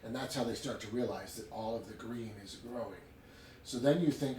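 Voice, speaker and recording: A man reviewing a book in a casual chat, retelling it in an animated way with chatty asides. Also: mid-range voice, normal speed, a little hiss or hum. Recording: roomy sound from a distant mic with faint ambience.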